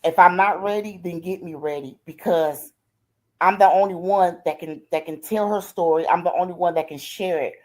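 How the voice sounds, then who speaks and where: A woman's voice: lowish voice, moderate pace. An older woman, a grandmother, telling her life story in a streamed interview, heartfelt and colloquial, often repeating "I said" and "she said". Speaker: guest.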